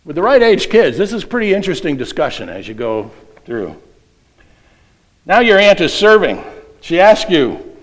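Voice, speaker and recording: A man's voice: a little high, sing-song, normal speed, fairly bright tone, rough recording. A middle-aged man preaching a sermon, reading a children's quiz aloud with playful voices. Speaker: pastor.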